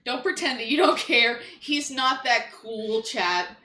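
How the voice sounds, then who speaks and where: A woman in a casual chat off to the side, talking briskly and insistently, teasing. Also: on the high side, pushed and bright, echoey room.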